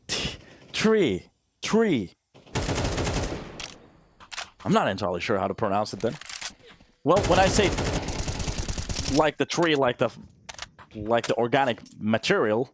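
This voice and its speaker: A man with a Finnish accent calls an esports match play by play, in a voice of ordinary middle pitch. He is chatty between rounds and quickens and lifts as the big plays land. A faint hiss sits under his voice. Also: lively intonation. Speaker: esports caster. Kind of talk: play-by-play commentary.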